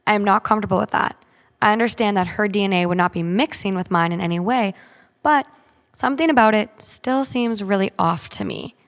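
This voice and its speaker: A woman co-hosting a podcast reads a listener's story aloud steadily, then chats about it casually, saying "like" a lot. Her mid-range voice moves fairly quickly, and a long hall reverb colors the recording.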